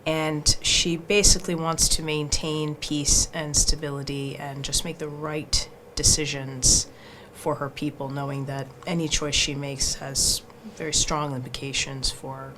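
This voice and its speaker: A woman speaking as an actress in an interview, describing her role in a measured, thoughtful way with frequent fillers. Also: low voice, flat delivery. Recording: noisy background.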